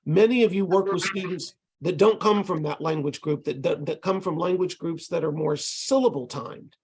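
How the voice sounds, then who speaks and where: A man's voice: on the high side, moderate pace, darkish tone, breathy edge. A man teaching language tutors in an online lecture, explaining step by step and tapping out rhythms with syllables, heard over a video call. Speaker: ESL instructor training tutors.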